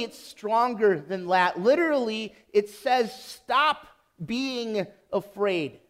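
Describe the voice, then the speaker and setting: A pastor delivers a sermon in an unusually high voice for a man. He speaks slowly and deliberately. He leans on emphasis and repeated phrases.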